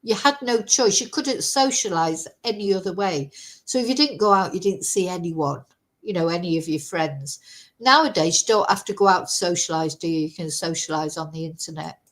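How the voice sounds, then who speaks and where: A woman's voice: on the low side, normal speed, fairly bright tone. Chatty English woman vlogger. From England. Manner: chatty, rambling storyteller. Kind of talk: casual reaction chat.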